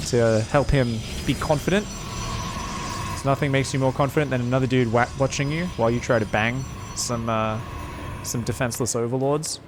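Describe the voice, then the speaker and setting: An excitable man calling a strategy game match by himself, swearing freely and breaking into laughter and mocking asides. His voice sits at an ordinary middle pitch, with faint music running behind him. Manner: excitable, profane, joking asides, laughs often. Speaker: esports caster. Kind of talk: solo game commentary.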